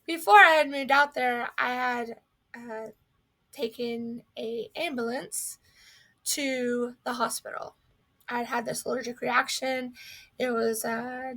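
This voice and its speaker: A woman's voice: high-pitched, vocal fry, bright, forceful tone. A young woman from North Carolina sharing a personal faith testimony, telling her story earnestly and acting out what she thought.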